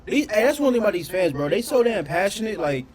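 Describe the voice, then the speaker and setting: A man doing casual reaction commentary on his channel, talking in an animated, profane way and often questioning his audience. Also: sits high, fast, a crowd in the background. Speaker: reaction streamer.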